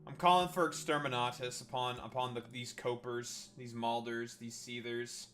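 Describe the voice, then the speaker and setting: A man's voice: mid-range voice, flat delivery, normal speed, fairly bright tone, faint music behind. A man hosting a livestream, trash-talking and teasing his chat in a mocking way. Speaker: livestream host.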